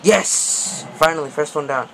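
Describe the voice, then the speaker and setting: Young male gamer, higher voice, slow delivery, panicky outbursts, noisy background. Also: vocal fry. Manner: excitable, panicky pleading and yelling at the game. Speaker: gaming video host. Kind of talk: gameplay commentary.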